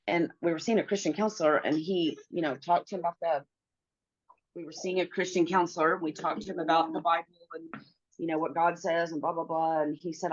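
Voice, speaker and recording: A middle-aged woman with a deep, low voice recounts a personal story as an interview guest. She speaks earnestly and acts out the lines she quotes. The recording sounds dull and lo-fi. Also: steady tone, brisk.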